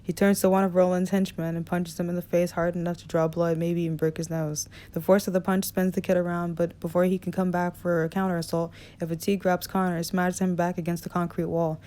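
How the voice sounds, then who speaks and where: Woman audiobook narrator, relaxed, small slips and restarts, low flat voice, smooth tone. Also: quick pace, few pauses. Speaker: audiobook reader.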